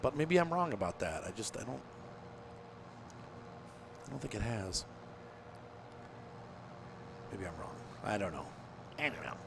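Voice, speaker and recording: Man, lowish voice, tired, rambling let's-play commentary, lots of ums and uhs. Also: sing-song, unhurried, creaky, pauses often, noisy background. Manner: rambling, thinking aloud with many fillers. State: tired, yawning. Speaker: gameplay commentator.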